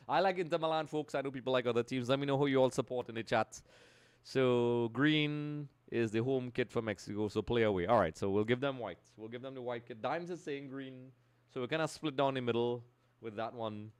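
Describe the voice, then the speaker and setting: A man's voice: medium pitch, normal speed, clean tone, no echo. A male gaming streamer chatting live, greeting viewers and reading out the chat.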